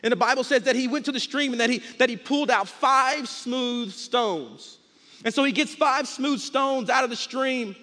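A male guest pastor with a high, bright voice preaches with strong emphasis, drawing out key words for weight. The sermon rings through a large church hall, and a long reverb trails each line. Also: moderate pace. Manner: emphatic, stretches words out to make a point.

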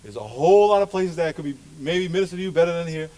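A man's voice: on the high side, animated, quick pace, mellow. A middle-aged male pastor preaching a sermon to his church with passionate, emphatic delivery. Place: church sanctuary.

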